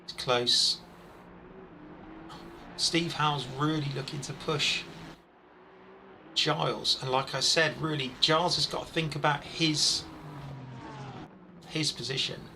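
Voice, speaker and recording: A man over forty doing live, chatty commentary on a sim race, excitable when incidents happen. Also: fairly high pitch, takes it slowly, gravelly, long pauses, noisy background.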